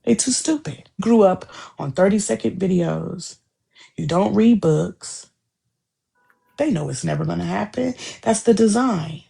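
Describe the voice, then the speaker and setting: A woman's voice: on the low side, measured pace, creaky, warm tone, breathy edge. A woman co-hosting a podcast, talking in a heated, profane, repetitive way in casual chat. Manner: heated, profane, repeats herself.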